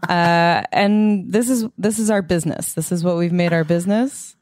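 Dry-voiced deadpan woman podcast co-host. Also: on the low side, normal speed, no echo. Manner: deadpan, wry jokes with fillers. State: has the hiccups. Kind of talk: casual comedic chat.

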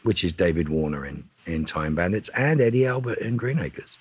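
A man with a very low, husky voice, chatting as an interview guest. He is from England and tells animated stories. He acts out the other people in his anecdotes as he goes. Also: normal speed, highs cut off. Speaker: guest actor. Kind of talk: conversational interview.

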